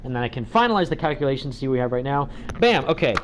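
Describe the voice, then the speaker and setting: A man's voice: medium pitch, sing-song, very fast, a little hiss or hum. A man hosting a gaming livestream, talking in a chatty, rambling way with lots of fillers. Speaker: livestream host.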